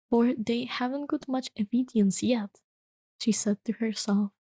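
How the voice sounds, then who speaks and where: A woman reading a bedtime story in a gentle, hushed soft-spoken ASMR style that slips into whispers. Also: fairly high pitch, no room sound.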